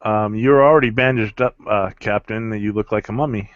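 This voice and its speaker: A man playing a tabletop game, haltingly describing what his character does. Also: on the low side, dry recording. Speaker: player. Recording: dry, dull lo-fi recording.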